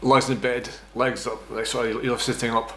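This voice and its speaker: This Scotsman in his thirties speaks at medium pitch in a level, slightly fast, and somewhat bright way, with a little hiss or hum in the recording. He's vlogging casually about himself, rambling, swearing, self-mocking, and tagging lines with "right?".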